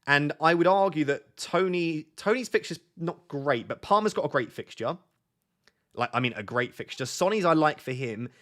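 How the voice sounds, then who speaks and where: A man's voice: fairly high pitch, expressive, fairly bright tone. A young man hosting a casual live stream, chatting and reading out viewers' questions. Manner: chatty, reads viewer questions aloud, quick asides. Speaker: fantasy football streamer.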